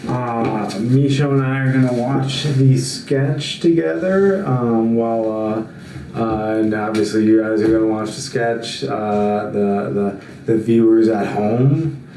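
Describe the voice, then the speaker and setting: Male host telling a story in casual chat, slow and filler-heavy, echoey room, mic at a distance. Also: mid-range voice, warm tone, a little hiss or hum. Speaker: show host.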